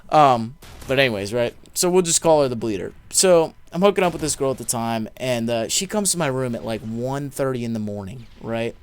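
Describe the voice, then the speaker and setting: A man's voice: mid-range voice, lively intonation, fairly quick, few pauses, smooth. A young man, a gaming YouTuber, casually telling a story with lots of swearing, fillers and rambling asides. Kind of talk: casual storytelling over gameplay.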